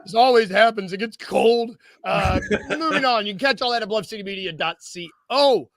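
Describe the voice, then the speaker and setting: A man's voice: high voice, lively intonation, vocal fry, a bit bright, dry recording. A man co-hosting a casual sports podcast, rambling and joking at his own expense. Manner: rambling, self-deprecating, quick jokes. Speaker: podcast co-host.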